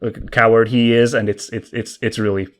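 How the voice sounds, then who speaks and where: A man's voice: mid-range voice, flat delivery, normal speed. Chatty enthusiastic man on a podcast. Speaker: podcast co-host. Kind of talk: casual podcast chat about video games.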